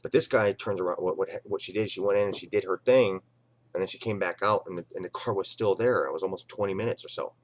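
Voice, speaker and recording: Casual middle-aged male streamer, lowish voice, rambling and profane, talking from home. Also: quick pace. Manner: rambling, swears freely, acts out quoted voices. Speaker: live stream host. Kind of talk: casual live-stream chat.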